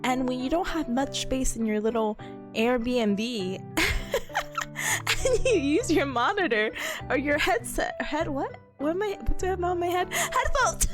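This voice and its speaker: A woman streamer chatting casually, her voice a little sick and hoarse, animated and laughing often. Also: high-pitched, a little slow, over music. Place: small rented room indoors. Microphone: streaming setup with headphones on.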